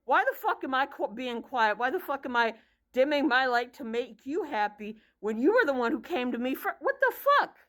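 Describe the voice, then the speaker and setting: High-voiced woman ranting bluntly. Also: lively intonation, moderate pace, fairly bright tone. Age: 30s. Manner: blunt, profane, exasperated storytelling. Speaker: vlogger. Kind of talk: casual vlog rant.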